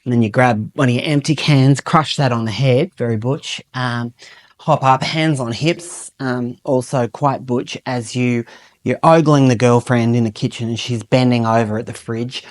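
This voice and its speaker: A man's voice: medium pitch, normal speed, natural voice. A man playing a pompous, theatrical drama teacher, giving a comic lesson full of ums. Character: pompous self-important male drama teacher. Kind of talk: comic podcast monologue.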